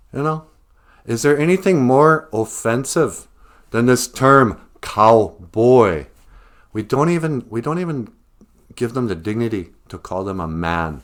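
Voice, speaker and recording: A man delivering a mock-serious satirical monologue to camera in a deadpan manner. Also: medium pitch, unhurried. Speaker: comedian vlogger.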